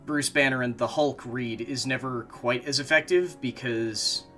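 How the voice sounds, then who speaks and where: Casual gameplay commentary comes from a man streaming and talking to himself, who sometimes bursts out in frustrated swearing. He speaks a little slowly in a mid-range, fairly bright voice, with soft music in the background.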